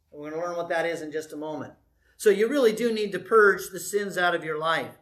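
A male pastor preaching a sermon in a lively, conversational way, often asking the congregation questions. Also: on the high side, fairly quick. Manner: animated, conversational, asks the audience questions.

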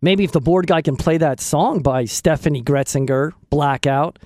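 A man's voice: fairly high pitch, normal speed, darkish tone, no echo. A man hosting a radio show from a studio, rambling casually and joking at his own expense. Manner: joking, self-mocking, talks to himself. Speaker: radio host. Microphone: studio microphone.

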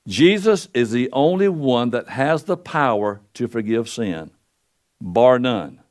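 An older pastor preaching a folksy sermon into a pulpit microphone, swinging between loud and soft. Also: male voice, lively intonation, slow pace. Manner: folksy preaching with wide swings in pitch and loudness.

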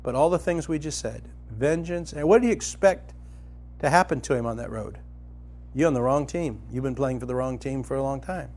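A preacher teaches from the Bible in a colloquial, conversational style, telling the story vividly. His voice is mid-range and a little fast, swinging between loud and hushed.

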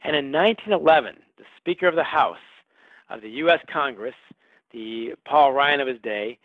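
A man's voice: mid-range voice, animated, normal speed, no echo. Man, author guest, wry storyteller, tinny phone-line sound, dry. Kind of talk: interview answers.

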